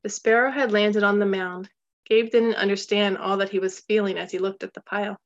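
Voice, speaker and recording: A woman reading a storybook aloud as narrator, in a steady, measured way that slows for tense moments. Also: medium pitch, highs cut off. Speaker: audiobook narrator.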